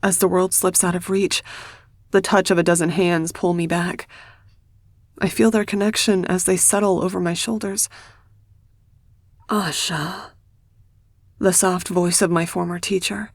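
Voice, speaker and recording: A woman reading a first-person audiobook in a measured, intimate storytelling manner on a close studio mic. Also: fairly low pitch, fairly even intonation, dry recording. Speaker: audiobook narrator.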